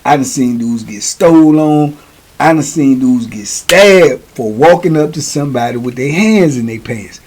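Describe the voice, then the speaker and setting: A man's voice: medium pitch, lively intonation, normal speed, a little mellow, a little hiss or hum. A middle-aged man telling prison stories in a casual, slangy, repetitive way. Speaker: storyteller, show host.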